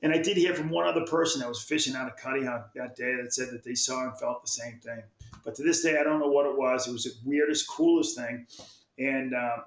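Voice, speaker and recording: A man's voice: mid-range voice, fairly bright tone, reverberant, low-quality recording. A man, a fishing magazine publisher, telling a long story in casual chat, rambling along and restarting his sentences often. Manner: rambling, with many restarts and repeated words.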